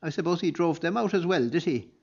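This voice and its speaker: Brief: a man playing a raging old abbot, husky and raised, slightly muffled recording. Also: medium pitch, fast talker, natural voice. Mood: furious. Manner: shouting, scornful. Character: short-tempered, furious old male abbot.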